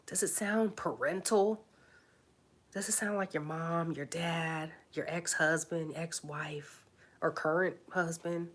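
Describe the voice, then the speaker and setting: A woman's voice: low-pitched, steady tone, slow pace. A woman life coach leading a live online workshop, talking emphatically, checking in with "okay?" and dropping to a whisper to stress points.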